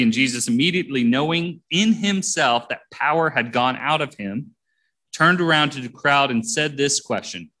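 A man's voice: mid-range voice, a bit bright. A man preaching a sermon, reading verses aloud and commenting on them between readings in a plain, conversational way.

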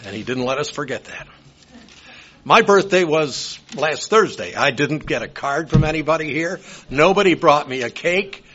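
An older man preaches a sermon, wandering into folksy personal asides. His voice sits a little high for a man. The recording is dull and lo-fi. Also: expressive, normal speed, bright, forceful tone, slight background noise. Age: 70s. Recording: dull lo-fi sound.

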